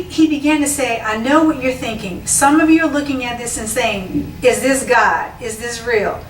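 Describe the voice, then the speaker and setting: A woman telling a personal testimony to camera, animated and storytelling, with excited outbursts when she quotes herself. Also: fairly high pitch, a little hiss or hum. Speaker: dance minister sharing a testimony. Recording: echoey room from far off with faint ambience.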